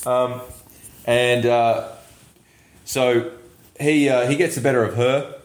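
A man co-hosting a podcast, casually recapping a film in a rambling, halting way full of fillers. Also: medium pitch, fairly even intonation. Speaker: podcast co-host reviewing a film. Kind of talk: casual chat recapping a movie. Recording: roomy echo.

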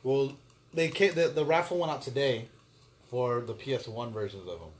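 A man on a casual podcast, telling a story with lively acted-out quotes and frequent laughter. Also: mid-range voice, normal speed. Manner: animated storyteller, acts out quotes, laughs often. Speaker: podcast co-host.

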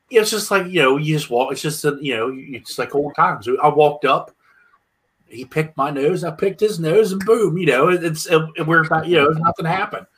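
This Pennsylvania man, a musician guest, tells road stories in a loose, rambling, casual way and restarts often. His voice is a little high and somewhat bright.

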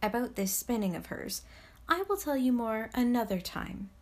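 Canadian woman storyteller, podcast host, soft measured narration, voice sits a bit high. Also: lively intonation. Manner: gentle, soothing, measured.

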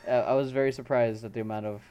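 A man's voice: mid-range voice, fairly even intonation, fast, dark tone, clean tone. A laid-back man in casual podcast conversation, with a mid-range voice for a man. He laughs often and swears offhandedly. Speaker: podcast co-host. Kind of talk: casual chat.

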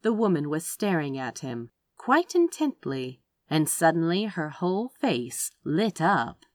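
A woman narrates a story in a somewhat low voice, moving the pitch up and down expressively. The sound is close and dry, with no room around it. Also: a little slow, dry recording. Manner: expressive, lively reading. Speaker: audiobook reader.

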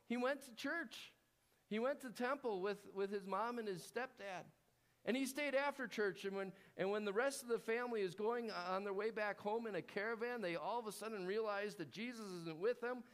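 A male pastor preaches conversationally at a moderate pace, using fillers and restarts. To stress key words, he lets his voice drop low and quiet.

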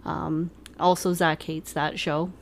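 A woman's voice: low-pitched, flat delivery, slow, creaky, slight background noise. Teasing woman co-hosting a chatty podcast. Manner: teasing, laughs often. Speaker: podcast co-host. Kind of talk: casual couple chat.

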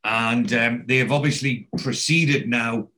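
A man's voice: mid-range voice, slow pace, sharp tone. A man casually retelling a TV episode as a podcast host, rambling with many restarts and fillers.

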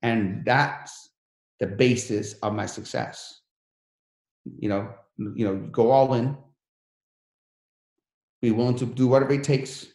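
A man's voice: medium pitch, fairly even intonation, slow, long pauses, a little mellow, echoey room. A man who came to the country as a refugee, telling his life story in an interview in an earnest, motivational way. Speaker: guest.

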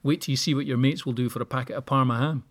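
Speaking at a racing clip in a steady, medium-pitched voice, this male podcast host runs his show alone. His advice is practical, with dry humor slipped in along the way.

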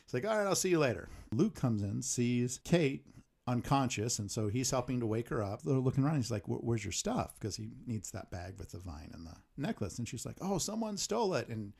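A man's voice: mid-range voice, brisk, gravelly, warm tone, husky. A man co-hosting a podcast, casually recapping a film's plot and acting out the characters' lines. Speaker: podcast co-host.

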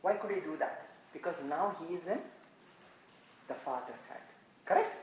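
Animated preacher, male, asks the room questions, reverberant hall sound. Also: fairly high pitch, slight background noise. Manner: animated, rhetorical questions, quick asides. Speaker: pastor. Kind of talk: sermon.

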